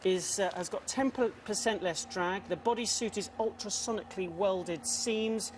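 A man's voice: high voice, a little slow, slight background noise. A young man presenting a live breakfast TV sports bulletin, self-mocking and chatty, a little out of breath.

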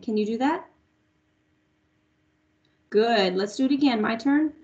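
A young woman teaches music to small children in an online class, talking slowly and patiently. Her voice sits a little high and the lo-fi sound is slightly dull. She sings short phrases and asks the kids to sing them back.

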